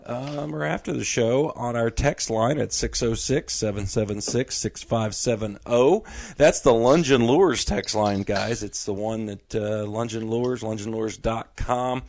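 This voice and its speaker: A man's voice: mid-range voice, vocal fry, dry recording. A middle-aged man hosting a fishing talk show, rattling off event details and then chatting casually with his guests. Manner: rapid-fire announcer reading event details, then relaxed chat. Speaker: podcast host.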